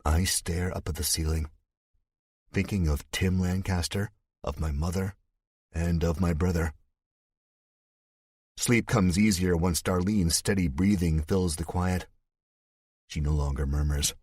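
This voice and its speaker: A man narrating a thriller audiobook in the first person, with a steady, measured delivery. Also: deep voice, slightly rough, no echo, clean studio sound.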